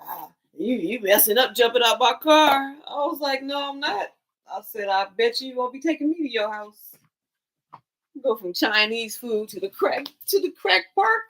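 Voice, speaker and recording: Animated woman telling stories with a laugh. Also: high voice, low-quality recording. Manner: animated, laughing, quotes people in shifting voices. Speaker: tarot reader on a livestream. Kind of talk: casual storytelling.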